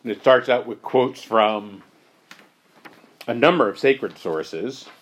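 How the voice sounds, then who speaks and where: A man leading a reflective discussion on spiritual teachings, thoughtful and unhurried, his voice going hoarse. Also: mid-range voice. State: losing his voice. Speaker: discussion leader.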